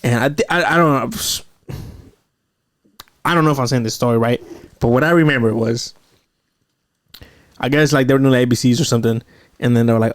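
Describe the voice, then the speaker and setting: A young man hosting a podcast in a relaxed, loose way, swearing freely and often restarting his sentences. His voice sits in a middle register and is recorded dry and close. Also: medium pitch, brisk, long pauses, no room sound. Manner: relaxed, swears freely, frequent backchannel yeahs. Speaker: podcast host. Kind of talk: casual podcast chat.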